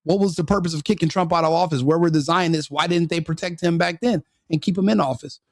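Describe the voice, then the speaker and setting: A man's voice: on the high side, fast talker, dry recording, studio quality. A man hosting a live stream, giving opinionated commentary full of rhetorical questions and repeated restarts. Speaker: streamer host.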